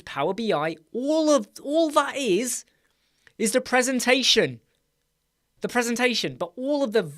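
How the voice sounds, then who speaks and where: Sounding weary, a livestream host with a British accent rambles through viewer questions, frequently correcting himself and asking "right?" His voice sits high with a fairly bright tone.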